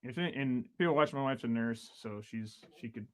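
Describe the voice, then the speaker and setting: Man, 30s, guest drummer; loose, rambling storyteller, fillers throughout, mid-pitched voice. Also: moderate pace, smooth. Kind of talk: casual storytelling chat.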